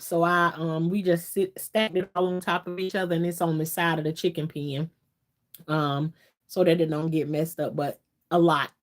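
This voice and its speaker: Chatty Southern woman hosting a livestream. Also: on the low side. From Florida, USA. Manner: chatty, laughs often, loose Southern dialect. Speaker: livestream host. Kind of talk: casual livestream chat, reading viewer comments.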